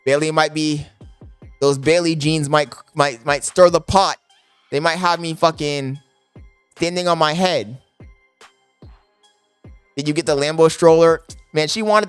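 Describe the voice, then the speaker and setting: A young man streaming live from his apartment, talking loudly and profanely to his chat into a desk microphone, laughing often. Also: a little high, measured pace, long pauses, clean tone, faint music behind. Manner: loud, yelling into the mic, profane, laughing.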